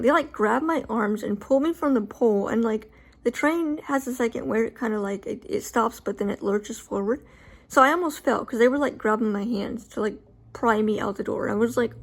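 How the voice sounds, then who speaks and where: A woman telling a personal story to camera in a casual, animated way. She leans on fillers like "like" and acts out her own reactions. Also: on the high side, a little fast.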